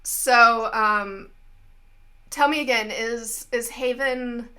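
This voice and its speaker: A woman's voice: fairly high pitch, slow, a little hiss or hum. A woman narrating as game master of a tabletop game, with lots of "like" fillers. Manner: lively, frequent filler "like".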